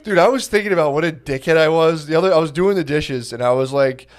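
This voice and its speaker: A man in his thirties co-hosting a podcast, telling animated stories with lots of laughter and swearing. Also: on the high side, quick pace. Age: 30s. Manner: animated storyteller, laughs often, swears a lot. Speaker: podcast co-host. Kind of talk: casual chat.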